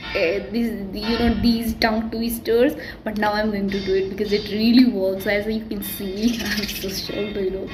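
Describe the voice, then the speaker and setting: A woman, not a native English speaker, giving a casual self-recorded pronunciation tutorial and talking quickly with many restarts. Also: medium pitch, fairly even intonation, darkish tone, faint music behind, poor audio. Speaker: vlogger teaching English pronunciation.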